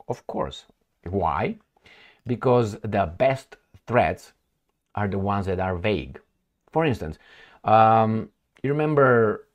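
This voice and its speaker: Sardonic man with a low voice. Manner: conversational, sardonic, many fillers. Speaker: commentary channel host. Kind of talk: casual political commentary.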